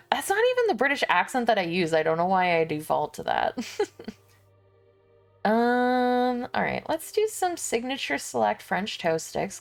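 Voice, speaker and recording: A young female streamer chats casually with her viewers while shopping online, thinking aloud and laughing often. Her voice is medium-pitched and creaky.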